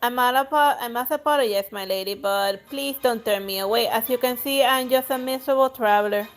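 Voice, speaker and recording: A woman reading out the lines of a charming but pretentious traveling lady in a game, falsely polite and flattering. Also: a little high, fairly quick, soft background music, natural voice. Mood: sly. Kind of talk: reading game dialogue aloud.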